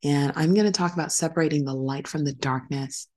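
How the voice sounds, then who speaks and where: Hosting a motivational podcast, a middle-aged woman talks briskly in a low voice with a darkish tone. She sounds earnest and encouraging and returns again and again to her main phrases.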